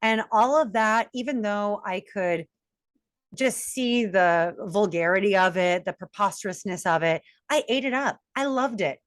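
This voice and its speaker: A woman's voice: mid-range voice, animated, measured pace, no echo, studio quality. A woman in her forties, a guest coach, telling her life story candidly and acting out the voices she quotes. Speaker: guest, self-mastery coach.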